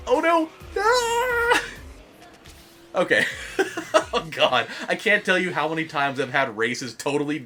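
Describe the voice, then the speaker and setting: A man's voice: medium pitch, sharp tone. A young man giving casual gameplay commentary as a let's play host, rambling with lots of fillers and swearing.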